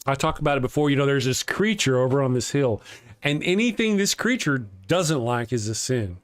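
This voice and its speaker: A man's voice: medium pitch, animated, brisk, no echo, clean studio sound. A man with a Texas accent hosting a casual atheist morning livestream. He rambles, chuckles often and restarts his sentences while reading viewer comments.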